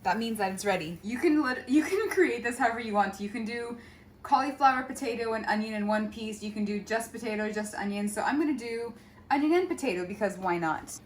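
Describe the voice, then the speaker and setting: Young female co-host, upbeat, casual cooking demo, slightly high voice, faint noise behind. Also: animated, a little fast, low-quality recording. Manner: upbeat, talks straight to viewers. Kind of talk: casual cooking demonstration and chat.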